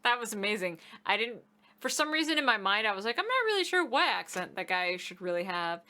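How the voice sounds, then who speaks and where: A woman streamer chatting casually and jokingly over gameplay, quick to get excited. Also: medium pitch.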